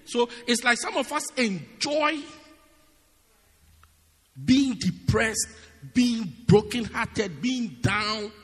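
A man preaching a sermon in an animated, humorous way, often asking his listeners if they get it. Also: very high-pitched, drawn-out words, long pauses. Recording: long reverb of a large hall.

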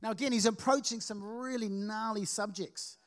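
A man with a notably high voice preaches to his church, telling stories with lots of energy. He keeps restarting his sentences as the thoughts tumble out. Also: normal speed. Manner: storytelling, energetic with frequent restarts. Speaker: pastor. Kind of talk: sermon. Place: church service.

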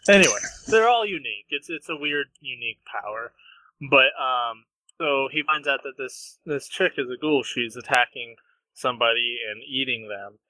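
A young man co-hosting a podcast, chatting casually and retelling a story in a halting way, full of fillers. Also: medium pitch, lively intonation, sharp tone, no echo, rough recording. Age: young adult. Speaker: podcast co-host. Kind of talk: casual chat.

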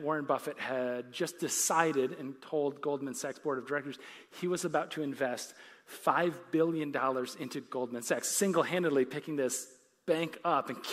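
A man preaching a conversational sermon as a pastor on a church stage, often laughing and building to emphatic points. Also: on the high side. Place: church stage with live audience.

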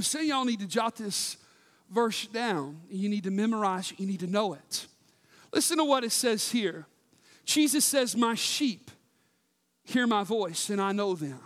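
A man preaching a sermon to his church, impassioned, swinging between loud shouts and hushed whispers. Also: high voice, in a large hall. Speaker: pastor.

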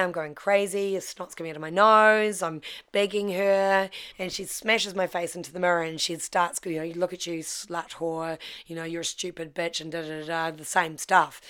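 Give me a woman recounting her life, candid and heartfelt, with a lowish voice. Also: fairly bright tone. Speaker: guest telling her life story. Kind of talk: personal storytelling.

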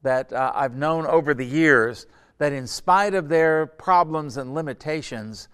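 Speaking a little slowly in a slightly high, fairly bright and smooth voice, a middle-aged male pastor leads a Sunday school Bible lesson. His earnest, conversational teaching climbs toward emphatic points.

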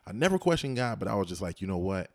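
A man's voice: deep voice, very animated, fast talker. A man in casual conversation, animatedly telling a story and acting out the voices of the people in it. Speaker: husband telling his story.

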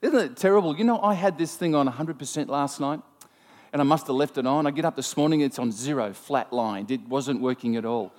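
Animated preacher in a reverberant hall. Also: male voice, medium pitch, fairly quick. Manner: storytelling, animated, self-mocking asides. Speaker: pastor. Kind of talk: sermon.

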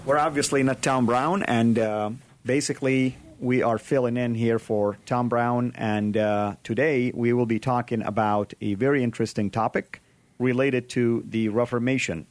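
A man hosting a radio talk show, speaking haltingly with many fillers and restarts. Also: medium pitch, fairly even intonation, darkish tone, dry recording. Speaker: radio co-host.

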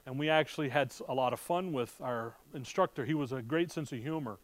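A man's voice: medium pitch, fairly quick, dry recording. A man teaching a conversational sermon to a room of listeners, talking casually with rhetorical questions and wry asides. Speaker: Bible teacher. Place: room with a live audience.

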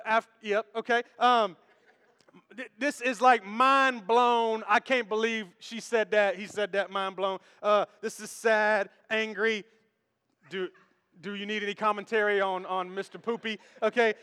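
A man's voice: very high-pitched, fairly bright tone, smooth. A male pastor preaching a sermon on a church stage, in a playful, conversational way, joking with the congregation. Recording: echoey hall with long reverb.

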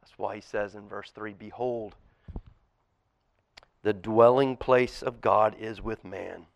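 A man preaching a sermon as pastor, impassioned and swinging between loud emphasis and hushed near-whispers. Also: mid-range voice, dry recording, clean studio sound. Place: church auditorium.

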